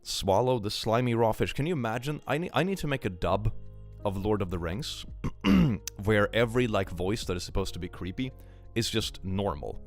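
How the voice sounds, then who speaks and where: A man's voice: fairly low pitch, animated, moderate pace, faint music behind. A young man chatting casually on a live stream, joking and laughing often.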